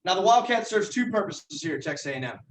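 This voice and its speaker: A young man, a yell leader, explaining chants with a folksy, teasing delivery. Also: high-pitched, very animated, quick pace, a little hiss or hum. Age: young adult. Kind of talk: joking instructional talk. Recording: echoey room from far off.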